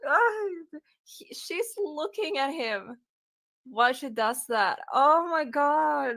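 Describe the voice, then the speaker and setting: A woman hosting a live stream, reacting out loud to a video with exclamations and laughter. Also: sits high, expressive, slow, gravelly. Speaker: true crime streamer.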